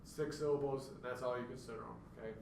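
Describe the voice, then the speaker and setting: A man's voice: mid-range voice, fairly even intonation, fast, vocal fry, noisy background. A man giving a classroom lecture, explaining step by step and acting out stuttered words to demonstrate. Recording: echoey room, mic far off.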